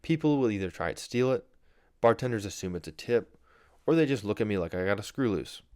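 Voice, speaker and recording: A young man from Wisconsin reads his own podcast script with earnest pride. His voice sits low, and the sound is close and dry, with no room around it. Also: animated, brisk, darkish tone, no room sound. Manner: earnest, proud storytelling read from a script. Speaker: podcast host. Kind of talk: scripted solo podcast monologue.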